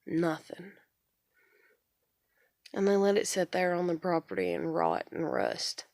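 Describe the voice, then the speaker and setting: Thirty-something woman, gravelly, lowish voice, rambling and frustrated, cursing a lot, dry close sound. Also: very animated, measured pace, pauses often, darkish tone, no room sound. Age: 30s. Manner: frustrated, swears often, rambling. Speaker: vlogger. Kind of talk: casual venting monologue.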